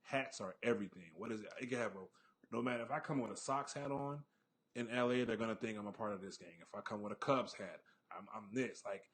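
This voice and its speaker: A man's voice: lowish voice, fast talker, fairly bright tone. A man who is a guest on a podcast, telling his stories in a matter-of-fact, plainspoken way in casual chat. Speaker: podcast guest, heavyweight fighter.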